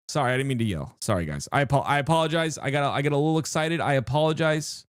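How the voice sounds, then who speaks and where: Animated, chatty live streamer. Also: medium pitch, fast talker, few pauses, dry recording, clean studio sound. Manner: excitable and chatty, restarts sentences, talks to chat. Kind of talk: live-stream game reaction chat.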